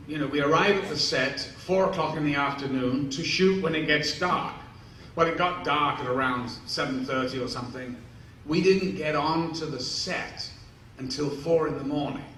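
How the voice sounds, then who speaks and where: A man in his sixties tells rambling, amused anecdotes to a live convention audience in a Q&A, acting out the quotes. His voice is on the high side with a fairly bright tone, captured by a distant mic in an echoey hall with faint noise.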